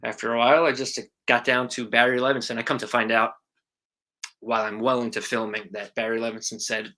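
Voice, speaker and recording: A man in his forties, an actor guest telling animated stories about his past film work in a casual interview. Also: medium pitch, brisk. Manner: animated storyteller, acts out quotes, swears casually.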